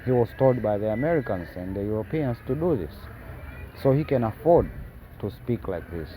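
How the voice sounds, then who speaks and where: A man reading news reports aloud and breaking in with sarcastic commentary, halting often and tagging lines with questions. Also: lowish voice, lively intonation, warm tone, low-quality recording. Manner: halting, with many fillers and restarts.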